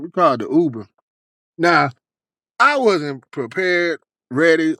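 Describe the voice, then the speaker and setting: A man telling a long personal story in a casual, animated, profane way, acting out lots of dialogue. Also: fairly high pitch, no echo.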